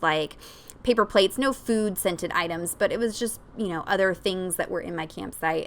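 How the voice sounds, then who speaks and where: A woman in her thirties tells a personal story in a casual vlog, her voice sitting at an ordinary middle pitch. She talks freely and animatedly, filling gaps with ums and likes. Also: fairly bright tone. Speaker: scrapbooking vlogger.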